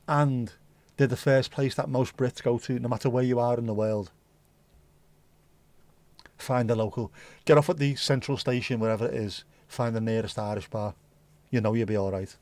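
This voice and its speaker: A man's voice: mid-range voice, no echo. Sweary rambling man. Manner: answers chat comments out loud. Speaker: livestream host. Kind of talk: casual chat with a live audience.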